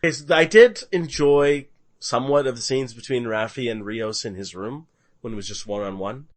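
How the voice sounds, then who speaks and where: A man's voice: mid-range voice, normal speed. A man with a mid-range voice co-hosts a podcast, speaking in an easygoing, opinionated way. He chats casually and laughs along with his partner. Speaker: podcast co-host. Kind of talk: casual review chat.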